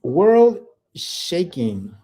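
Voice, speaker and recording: Reading his viewers' chat, a middle-aged livestream host swears heavily and tells meandering army stories, restarting often and calling people "bro" in a relaxed way. His voice is high and warm, very animated, yet very slow.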